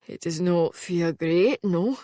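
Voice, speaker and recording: Sarkis, a woman voicing a calm deadpan swordsman. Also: lowish voice, slow pace, dry recording, studio quality. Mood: dry calm. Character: male immortal swordsman, calm, dry, wounded. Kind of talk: audiobook character voice.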